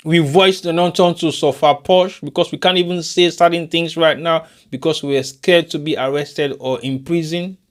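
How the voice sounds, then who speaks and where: A man's voice: fairly high pitch, steady tone, normal speed, hardly any pauses. A man from Sierra Leone with a Krio-inflected accent, hosting a live online show and giving rhetorical commentary that mixes English and Krio. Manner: rhetorical, repeats catchphrases, asks listeners questions.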